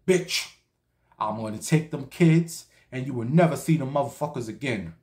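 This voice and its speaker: A man's voice: medium pitch, normal speed, a little mellow, natural voice. A man doing an angry cursing husband. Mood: threatening. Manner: cursing, threatening. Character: angry threatening cheating husband. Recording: echoey room.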